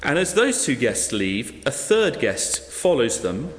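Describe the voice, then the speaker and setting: A man's voice: mid-range voice, unhurried. A man preaching a sermon, telling a parable and acting out the characters in it. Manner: animated storyteller acting out quoted guests. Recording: echoey hall.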